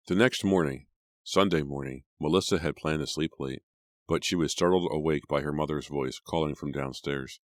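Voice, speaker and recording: Very deep male narrator, measured reading; dry, close sound. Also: steady tone, dry recording. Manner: measured storytelling. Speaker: audiobook narrator. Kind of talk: scripted narration.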